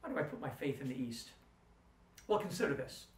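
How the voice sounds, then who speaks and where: A middle-aged man lecturing while telling a story, animated and acting out what people said. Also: medium pitch, a little fast. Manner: animated anecdote-telling, voicing quotes. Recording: roomy, from a distance.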